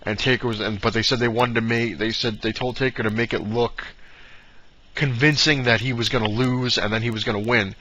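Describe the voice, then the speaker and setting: A man's voice: medium pitch, fairly even intonation, brisk, bright, forceful tone, poor audio. A man ranting casually in a vlog, rambling with many fillers and restarts. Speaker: vlogger.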